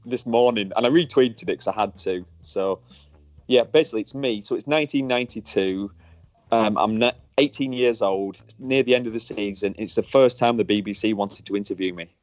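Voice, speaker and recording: A man's voice: on the low side, brisk, no room sound. Northern English man in his forties, podcast co-host, candid, jokey storyteller, dry close sound, slightly muffled. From northern England. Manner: candid, jokey, swears freely. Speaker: podcast co-host, former motorbike racer. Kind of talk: casual podcast chat.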